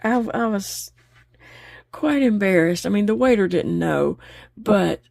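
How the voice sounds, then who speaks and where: A woman's voice: mid-range voice, animated, a little slow, vocal fry, darkish tone, no room sound. A woman chatting openly while she crochets, laughing easily as she talks. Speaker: crochet vlogger. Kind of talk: casual chat while crocheting.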